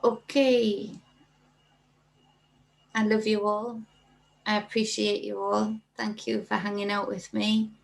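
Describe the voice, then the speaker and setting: A woman hosting a casual livestream, chatting warmly and reading viewer comments aloud. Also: medium pitch, little pitch movement, slow pace, creaky, pauses often, low-quality recording. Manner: chatty, reads viewer comments aloud and thanks them by name. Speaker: livestream host.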